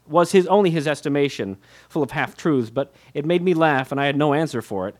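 A slightly high-voiced man reads his memoir fairly quickly for the audiobook. He's candid and wry, mocking himself and laughing lightly between phrases.

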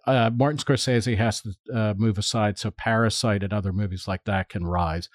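A man's voice: on the low side, fairly even intonation, normal speed, no echo, studio quality. A man on a podcast panel giving blunt, opinionated takes with many fillers. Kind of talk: casual chat.

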